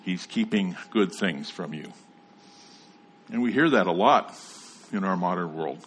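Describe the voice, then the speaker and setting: A man preaching a sermon, explaining scripture in a measured teaching manner and reading passages aloud. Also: low-pitched, lively intonation, a little hiss or hum. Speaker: pastor.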